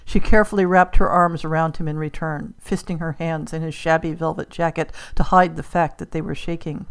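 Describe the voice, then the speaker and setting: A woman narrates a story aloud with a fairly low voice. Her reading is measured and unhurried, and she drops to a softer level on the quiet, sad lines. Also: fairly even intonation, clean tone. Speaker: podcast host. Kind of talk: scripted narration.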